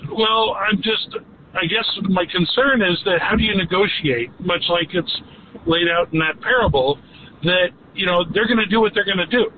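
A man's voice: high-pitched, moderate pace. A man calling in to a radio show, hesitant and searching for his words. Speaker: caller. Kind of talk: phone-in call to a radio show. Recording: phone line with faint noise.

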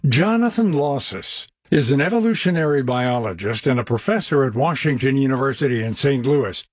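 A man hosting, reading scripted narration in a measured, explanatory way. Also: mid-range voice, expressive, no room sound, faint music behind. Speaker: host.

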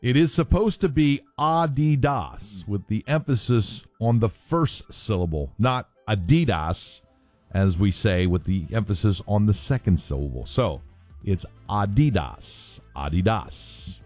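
A man's voice: lowish voice, animated, moderate pace, a little mellow, no echo, soft background music. A man hosting a morning radio show in a casual, chatty way, sometimes stopping to correct himself on how a word is said. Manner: chatty, self-correcting on pronunciations. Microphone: studio microphone.

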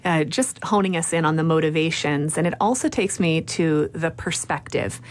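A woman's voice: low-pitched, moderate pace. A woman hosting an interview who asks thoughtful questions and affirms her guest. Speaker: interview host. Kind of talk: conversational podcast interview.

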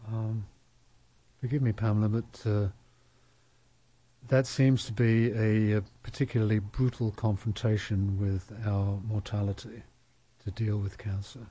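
Husky, mellow-voiced male interviewer. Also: lowish voice, flat delivery, unhurried. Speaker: interview host. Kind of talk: conversational interview.

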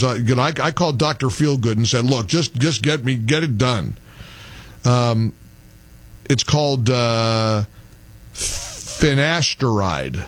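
A middle-aged man hosting a call-in radio show, exasperated and sarcastic, joking with his callers. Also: mid-range voice. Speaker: radio talk show host.

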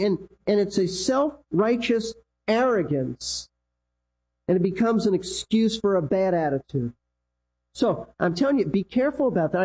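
Male pastor, emphatic sermon delivery, husky and mellow, repeats for emphasis. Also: rough recording. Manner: emphatic preaching, repeats key lines, pitch swings.

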